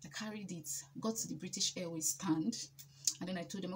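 A woman's voice: fairly low pitch, fairly even intonation, fairly quick, slight background noise. A woman from Nigeria with a Nigerian accent, telling a story casually and emphatically, and repeating herself for effect. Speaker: vlogger.

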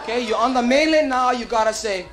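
A man with an extremely high pitch talks fast through a live stand-up set at a comedy club, his Hawaiian Pidgin accent colouring animated, playful crowd work and put-on voices. The audience laughs throughout, and the vinyl recording has audible hiss.

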